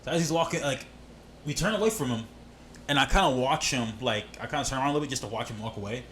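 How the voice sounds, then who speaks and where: A young man co-hosting a podcast, telling animated street stories in casual chat, swearing freely. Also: mid-range voice, rapid-fire, slight background noise. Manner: animated, swearing, laughs at his own stories. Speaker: podcast co-host.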